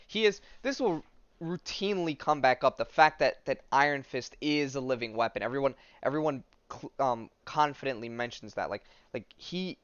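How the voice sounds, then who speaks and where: A man's voice: mid-range voice, normal speed, fairly bright tone, smooth, no room sound. A man hosting a podcast, casually recapping a comic and reading passages aloud, hesitant and full of ums and likes. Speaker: podcast host. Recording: dull lo-fi audio.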